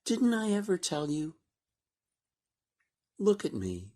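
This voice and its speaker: A woman reciting a reflective monologue in an unhurried, storytelling manner. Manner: slow, reflective storytelling, lively rising and falling pitch.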